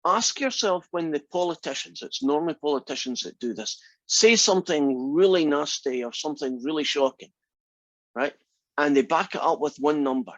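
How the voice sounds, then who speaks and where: A man's voice: a little high, moderate pace, a bit bright, no room sound, muffled recording. A man teaching a statistics class, reasoning aloud and asking the class many questions. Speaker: math instructor. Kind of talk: classroom lecture.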